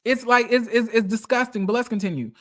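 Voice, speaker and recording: A man giving casual, animated celebrity gossip commentary, sassy and profane, reading text messages aloud and reacting to them. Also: very high-pitched, fast talker.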